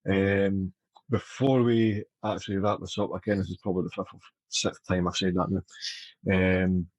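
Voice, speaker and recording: Flat, very deep Scottish host. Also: male voice, normal speed, no room sound, dull audio. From Scotland. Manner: easygoing, hesitant with fillers. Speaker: podcast host. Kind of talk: casual podcast interview.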